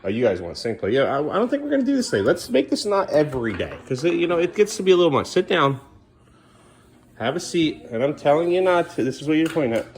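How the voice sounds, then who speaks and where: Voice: mid-range voice, very animated, fast talker. A parent at home with young kids, voice swinging up and down a lot as they coax, scold and chat to the camera. The talk is firm yet patient, and a faint hiss sits under it. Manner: firm but patient, drifting between coaxing the kids and venting to camera. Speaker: parent caring for two young children. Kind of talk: casual home vlog, talking to kids and camera. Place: indoors at home, bathroom area.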